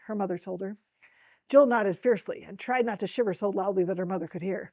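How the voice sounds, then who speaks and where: A woman's voice: mid-range voice, fast, a little mellow, dry recording, poor audio. A woman presenting a book talk, reading a storybook aloud with expression and speaking directly to her listeners. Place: library talk.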